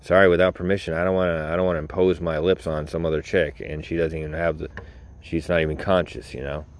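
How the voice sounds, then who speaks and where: A man's voice: very deep voice, flat delivery, fast, a little hiss or hum. A man voicing a timid, polite young prince who talks hesitantly and apologetically. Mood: apologetic.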